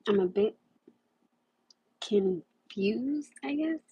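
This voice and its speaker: A woman's voice: medium pitch, expressive, very slow, slightly rough. A young woman hosting a casual livestream, rambling and repeating herself as she talks. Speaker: livestream host. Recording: muffled lo-fi livestream audio.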